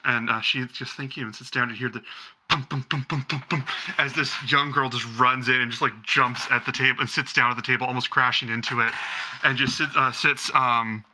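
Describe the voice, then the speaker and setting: A man acting as game master, narrating a tabletop game in a loose, rambling way. His voice is bright and sharp, and he fills the story with ums. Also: medium pitch, fairly even intonation, fairly quick, slight background noise.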